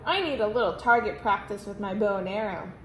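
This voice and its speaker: A woman's voice: medium pitch, brisk, a little hiss or hum, natural voice. A woman voicing a spiteful, bratty young duke with a mean, sneering manner, read in a roomy space. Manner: mean, sneering, whining when he loses. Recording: roomy echo.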